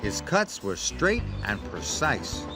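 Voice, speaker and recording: A man narrating a children's storybook aloud in an expressive, sing-song way. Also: on the low side, slow pace. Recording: read-aloud over background music. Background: music.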